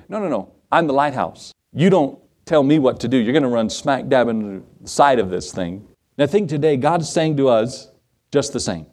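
A pastor with a medium-pitched, darkish, animated voice preaches at normal speed. His earnest, folksy style includes plenty of chuckling, emphatic repetition, and the rising cadence typical of a preacher.

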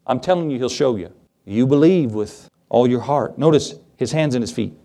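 A man preaching a sermon to his congregation, animated, acting out Bible scenes in quoted voices. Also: medium pitch, moderate pace. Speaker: pastor.

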